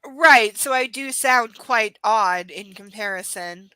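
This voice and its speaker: A woman's voice: fairly high pitch, slow, pushed and bright, clean tone, no room sound. A woman with an Ontario Canadian accent, hosting a live reading of a novel and chatting casually with viewers, swearing freely and making teasing asides. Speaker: livestream host reading a novel aloud.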